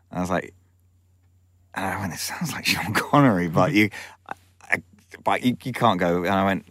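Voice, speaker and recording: A man, a film director, telling frank, animated anecdotes in an interview and acting out other people's voices. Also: sits low, moderate pace, pauses often, dry recording, clean studio sound. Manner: lively storyteller who acts out the voices of others; frank, with swearing and self-corrections.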